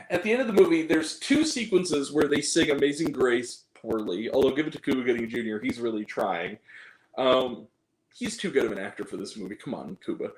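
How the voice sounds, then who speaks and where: A man's voice: mid-range voice, moderate pace, slight background noise. A man giving a casual spoken movie review, rambling and sarcastic, with many asides. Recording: roomy echo.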